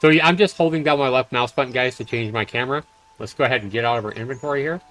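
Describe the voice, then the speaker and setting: A man's voice: medium pitch, very fast, fairly bright tone. Chatty male game streamer. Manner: casual, chatty, lots of fillers. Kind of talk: live let's-play commentary.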